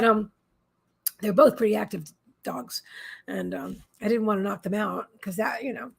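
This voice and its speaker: A woman's voice: medium pitch, gravelly, a bit bright, husky. A woman hosting a psychic live stream from her desk at home, chatting in a meandering way and often talking to her pets. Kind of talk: casual chat on a live stream.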